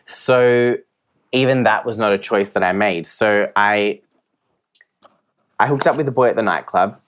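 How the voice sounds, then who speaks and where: A man's voice: on the low side, slight background noise. A young man, a podcast guest, candidly telling a personal story and acting out the voices of others. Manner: open and emotional, acts out quoted voices.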